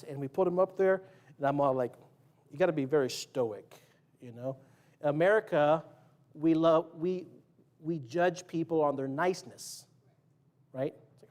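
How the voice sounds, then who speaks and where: A man's voice: high voice, moderate pace. Joking, chatty male preacher. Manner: joking, conversational, quizzing the congregation; acts out quotes and sound effects. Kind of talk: sermon. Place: church sanctuary.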